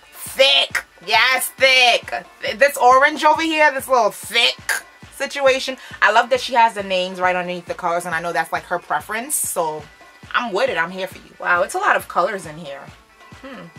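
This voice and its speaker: A young adult woman hosting a casual makeup first-impression vlog, bubbly and expressive, full of slang. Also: on the low side. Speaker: beauty vlogger. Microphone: camera framed close.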